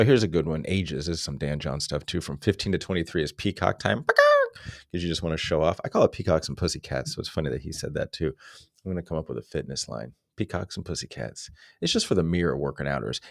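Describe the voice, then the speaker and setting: A man's voice: low-pitched, creaky, no room sound, studio quality. A man in his forties giving a casual fitness lesson, laid-back and slangy, rambling with asides. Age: 40s. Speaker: fitness instructor. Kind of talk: casual unscripted fitness talk.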